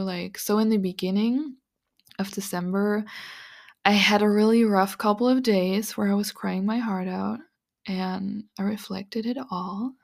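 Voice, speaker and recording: A woman hosting a podcast, talking through spiritual advice in an earnest, confiding way, with many "like"s and soft breathy asides. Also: mid-range voice, steady tone, unhurried. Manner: earnest, confiding, full of "like" and "you know". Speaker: podcast host. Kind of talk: casual spiritual monologue.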